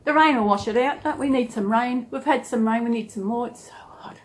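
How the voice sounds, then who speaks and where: A woman's voice: a little high, a little fast, slight background noise. Chatty Australian woman vlogger. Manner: chatty, rambling, repeats thanks to subscribers. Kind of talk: casual chat to camera.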